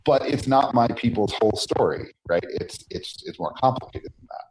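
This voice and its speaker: A man's voice: fairly low pitch, lively intonation, normal speed, a little mellow. A man being interviewed as a game designer, talking earnestly and tagging his points with "right?". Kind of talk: podcast interview. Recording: noisy line.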